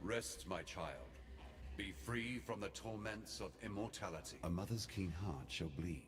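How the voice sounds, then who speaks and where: An actor playing a solemn, mournful man bidding his daughter rest, with a formal, slow delivery. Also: lowish voice, slight background noise, natural voice.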